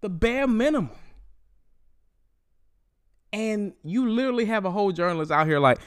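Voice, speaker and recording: A young man hosting a solo podcast, ranting in a profane, animated way and mocking people in quoted voices. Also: sits high, normal speed, pauses often, clear, resonant tone. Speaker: podcast host.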